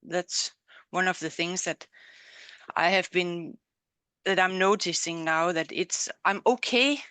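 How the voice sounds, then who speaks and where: Slow-talking woman. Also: fairly low pitch, flat delivery, a bit bright, clear, resonant tone, no echo. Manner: slow, hesitant, apologetic restarts. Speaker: webinar host. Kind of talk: conversational interview. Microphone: video call.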